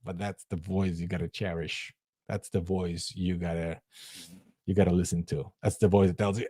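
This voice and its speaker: A man's voice: deep voice, fairly even intonation, moderate pace, dark tone, breathy edge, dry recording, studio quality. Emphatic man giving a motivational rant. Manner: emphatic, preachy, acts out inner voices. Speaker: host. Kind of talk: motivational livestream talk.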